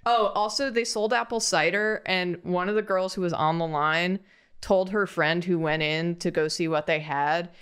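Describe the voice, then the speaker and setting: Lively woman telling a story, smooth voice. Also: fairly low pitch, moderate pace. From Long Island, New York. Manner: animated, laughing storyteller. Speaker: show regular, artist. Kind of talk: casual chat, storytelling.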